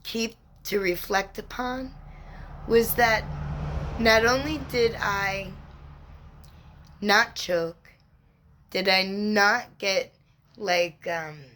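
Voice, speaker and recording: A woman who works as a spiritual mentor, telling a personal story to camera in an unhurried, reflective and encouraging way. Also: mid-range voice, fairly bright tone.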